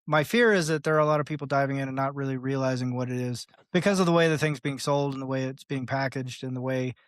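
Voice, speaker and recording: Seorang pria tamu podcast yang bicara santai dan bertele-tele, sering memerankan suara orang lain, tertawa, dan sesekali memaki. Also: male voice, medium pitch, fast, no room sound, clean studio sound. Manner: rambling, animated, acts out voices, swears, laughs. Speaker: podcast guest. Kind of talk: casual interview talk.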